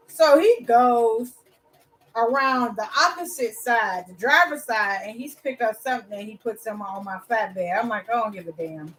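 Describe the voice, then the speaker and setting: High-voiced woman vlogger, blunt and profane storyteller; mic sits at a distance. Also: a bit bright. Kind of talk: casual storytelling to viewers.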